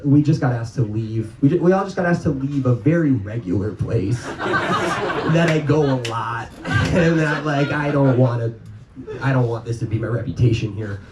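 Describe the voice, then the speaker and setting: A man's voice: mid-range voice, animated, normal speed, over a noisy crowd. Man from north dakota, live storytelling, rambling and profane, roomy hall, heard from afar. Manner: casual, rambling, profane, lots of ums. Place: live venue with an audience. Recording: echoey live room from far off, noisy.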